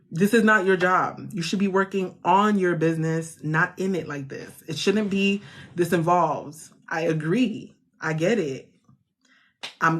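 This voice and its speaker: A woman hosts a live funding chat. She speaks casually and reassuringly, laughing easily and often restarting her sentences mid-thought. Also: on the low side. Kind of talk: casual live-stream talk to viewers.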